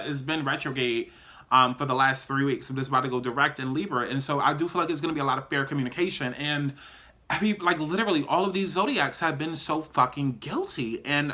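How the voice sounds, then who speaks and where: A man reading tarot cards in a loose, talkative way, speaking straight to the people watching. His voice sits a bit high and rings bright and forward. He is emphatic and unfiltered, swearing casually as he goes. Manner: chatty, emphatic, profane, addresses viewers directly. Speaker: tarot reader.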